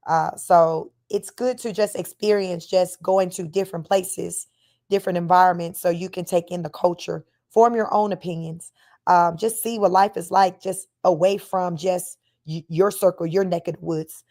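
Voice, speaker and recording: A woman's voice: on the low side, moderate pace. A middle-aged woman from Northern California with a Bay Area accent and a slight Southern twang, chatting casually to a livestream and telling stories with frequent laughter. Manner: animated storytelling, laughs often, reads chat comments aloud. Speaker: livestream host.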